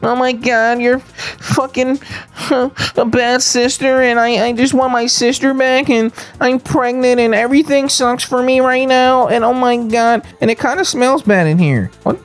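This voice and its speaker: A man's voice: very high-pitched, steady tone, unhurried, faint music behind, pitched above the performer's own voice, poor audio. A man voicing an upset pregnant woman in a comedy recap, whiny and dramatic.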